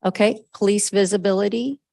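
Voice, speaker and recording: Gravelly-voiced woman leading a meeting. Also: mid-range voice, steady tone, warm tone, dry recording, low-quality recording. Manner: brisk, encouraging, with frequent okays. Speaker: meeting facilitator. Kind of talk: leading a group discussion. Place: government meeting room.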